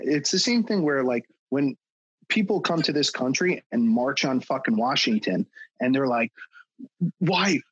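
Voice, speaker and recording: A man's voice: on the high side, husky, dry recording, poor audio. Blunt, profane man ranting. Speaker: podcast guest, fitness trainer. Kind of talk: casual podcast chat.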